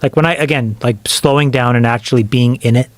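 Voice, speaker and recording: A middle-aged man talks as a guest in a casual podcast chat. He is an animated, profane storyteller who throws himself into acting out the lines he quotes. His voice sits at a plain middle pitch and sounds dry and close to the mic. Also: quick pace, no echo.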